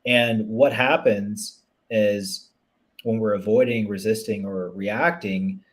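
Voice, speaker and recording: Speaking slowly in a low voice with fairly even intonation, a man acting as a relationship coach gives an earnest, reflective conversational interview. He keeps restarting and adding "you know."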